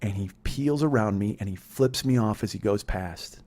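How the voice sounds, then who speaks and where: A man's voice: on the low side, normal speed, mellow. A man in his forties hosting a comedy podcast, telling a personal story in an intense, profane, rambling monologue. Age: 40s.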